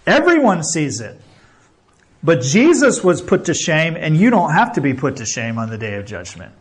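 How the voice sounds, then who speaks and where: A man's voice: on the high side, wildly swooping pitch, normal speed. A man preaching a sermon, earnest and exhorting, often checking in with the listeners and building emphasis through repeated phrases. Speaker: pastor.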